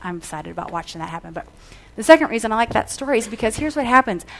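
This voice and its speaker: A woman's voice: a little high, very fast, vocal fry. A middle-aged woman preaching to a gathering, weaving a long anecdote into her message. She brings the story to life by playing out the back-and-forth of the conversations, then settles into earnest exhortation. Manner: animated storyteller, acts out dialogue. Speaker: speaker. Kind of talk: storytelling sermon.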